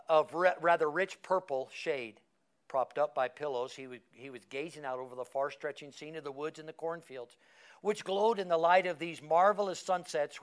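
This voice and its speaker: A man's voice: fairly high pitch, smooth. A man preaching a sermon, reading a story aloud and building to emphatic, fervent climaxes.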